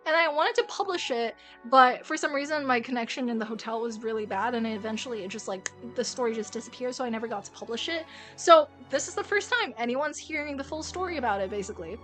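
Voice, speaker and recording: A young woman streamer telling a story time in a casual, animated way, swearing often and restarting sentences. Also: a little high, quick pace, hardly any pauses, soft background music.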